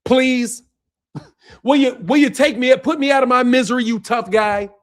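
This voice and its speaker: A man's voice: extremely high pitch, fairly quick, a bit bright. A man hosting a boxing channel, delivering a heated, profane, mocking rant, laughing between lines and repeating himself.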